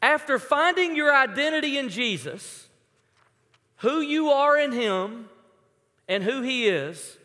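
A man's voice: very high voice, bright, forceful tone. A young man preaching a sermon in a conversational, storytelling way. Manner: conversational, storytelling with acted-out quotes. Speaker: pastor. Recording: long hall reverb.

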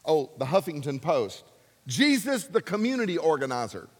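A man preaching a sermon, emphatic and animated, swinging between loud and soft. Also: a little high, normal speed, long reverb tail. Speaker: pastor.

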